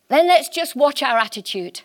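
A woman preaching a sermon in church, impassioned and emphatic, slowing down to stress key words. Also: fairly high pitch, gravelly.

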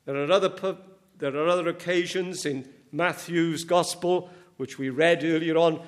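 A man preaching a sermon, earnest and emphatic, swelling on key words and often restarting his sentences. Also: sits high.

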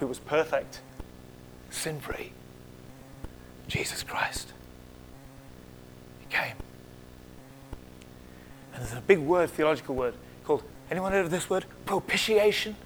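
A middle-aged male pastor preaching in church, swinging between loud exclamations and hushed whispers and asking the congregation questions. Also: on the high side, animated, a little fast, slight background noise. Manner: conversational, asks the congregation questions. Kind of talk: sermon.

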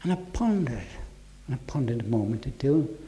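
A man's voice: mid-range voice, sing-song, fairly quick, slight background noise. Earnest man giving testimony. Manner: earnest storyteller who drops to a hush for quoted voices. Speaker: church testimony speaker. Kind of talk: spoken testimony to a congregation.

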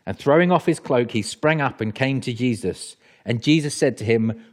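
A man's voice: medium pitch, moderate pace. A man preaching a sermon in a conversational way, often restarting his sentences.

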